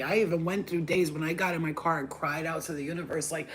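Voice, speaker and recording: Lower-voiced woman tarot reader; blunt, cussing pep talk with lively put-on voices, faint background hiss. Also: a little fast. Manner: acts out voices of spirits and haters. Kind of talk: livestream tarot reading.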